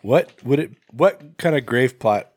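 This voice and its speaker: Brief: young male podcast co-host, loose and profane, lively pitch, dry close sound. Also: unhurried, no echo. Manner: loose and swearing, animated rants. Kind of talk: casual chat.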